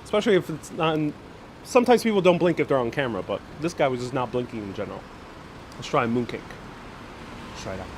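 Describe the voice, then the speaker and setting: With a medium-pitched voice and lively intonation, a man live-streams his city walk on a handheld phone, talking fast but pausing often. As a travel vlogger host he keeps it casual, full of fillers, restarts and frequent laughs, over slight background noise.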